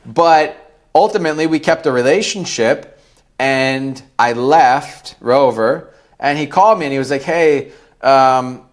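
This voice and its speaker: A man's voice: medium pitch, a little slow. A man in his thirties, a podcast guest telling candid stories in a blunt, profane way. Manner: blunt and profane, acts out quoted dialogue. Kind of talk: candid storytelling interview.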